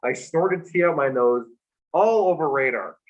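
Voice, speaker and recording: A man, a guest on a livestream talk show, telling a personal story in a halting, earnest way with many restarts, over a video call. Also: fairly high pitch, lively intonation. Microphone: remote video call. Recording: muffled livestream audio.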